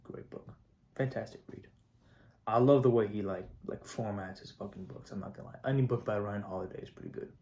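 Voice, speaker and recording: A teenage high school student talking casually to camera, swearing often and getting fired up, with lots of filler words. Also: male voice, fairly quick, mellow. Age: teens. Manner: profane, hyped, heavy "like" and "not gonna lie". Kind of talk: casual vlog monologue.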